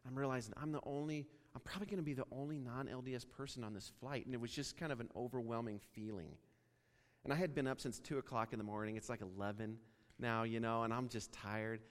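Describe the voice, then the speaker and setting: A man from Wyoming preaching a sermon, telling a story and acting out the dialogue in an animated way. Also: medium pitch, quick pace. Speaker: pastor. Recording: long reverb of a large hall.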